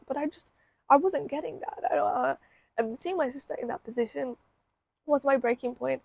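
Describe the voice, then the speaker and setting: A woman's voice: high-pitched, moderate pace, vocal fry, darkish tone, dry recording. A young woman vlogger telling a painful personal story in a candid, emotional way, often repeating herself.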